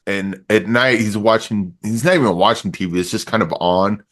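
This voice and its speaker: A man's voice: fairly low pitch, fairly bright tone. Rambling, laughing male movie reviewer. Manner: rambling, laughs often, acts out scenes in quick voices. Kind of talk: casual chat.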